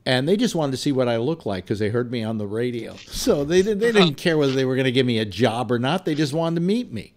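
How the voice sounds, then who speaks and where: A man hosting a casual panel chat, telling lively stories and laughing often. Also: mid-range voice, fast, hardly any pauses. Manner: animated storyteller, laughs often. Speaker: host.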